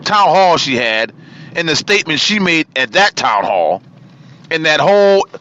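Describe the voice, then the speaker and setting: Fiery, high-voiced ranting male host. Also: sing-song, unhurried, bright, forceful tone, dull audio. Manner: fiery, ranting, repeats himself and names his targets. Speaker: talk show host. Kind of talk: political talk radio monologue.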